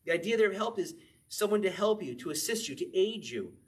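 A man's voice: sits high, sing-song, brisk. A man preaching a verse-by-verse sermon in a conversational way, often acting out quotes in short little voices. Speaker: pastor.

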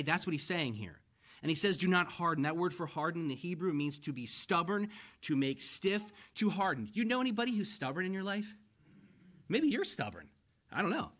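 A pastor preaching a conversational sermon. He reads scripture slowly and with emphasis, then explains it and asks the listeners questions. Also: a little high, fairly bright tone.

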